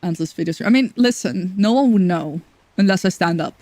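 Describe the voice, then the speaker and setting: A woman streaming a game in casual chat, chatty, excitable and self-mocking. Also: lowish voice, a little fast, dry recording.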